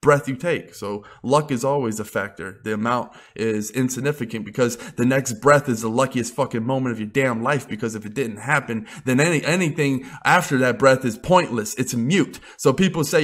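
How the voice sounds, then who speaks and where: A man's voice: mid-range voice, normal speed, few pauses, fairly bright tone. A young man giving an unscripted motivational rant as a vlogger, blunt and full of swearing. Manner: blunt, profane, emphatic.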